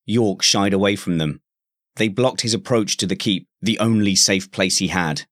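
A man narrating a story in a steady, scripted reading. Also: on the low side, moderate pace, no echo, studio quality.

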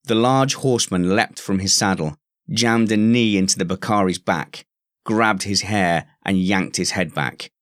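A man narrating a story in a steady, scripted reading. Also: sits low, unhurried, no room sound, studio quality.

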